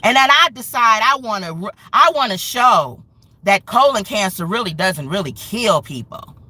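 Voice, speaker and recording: A woman's voice: mid-range voice, expressive, normal speed, pushed and bright, no room sound. A woman hosting a commentary show, speaking in an impassioned, angry, emphatic rant. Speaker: show host.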